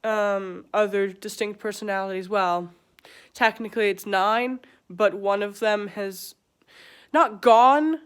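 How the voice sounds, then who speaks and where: A young British woman speaks candidly to camera in a personal vlog. Her voice is smooth and clear at an ordinary pitch, and she pauses often, restarting her thoughts as she goes. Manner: frank, halting, with pauses and fillers. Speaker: vlogger.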